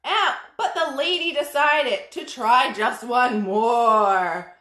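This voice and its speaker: Animated woman leading toddler yoga. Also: high voice, slow pace, recorded from a distance. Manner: animated and playful, with sound effects. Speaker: yoga instructor. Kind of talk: toddler yoga class with storybook reading. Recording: roomy sound from off the mic.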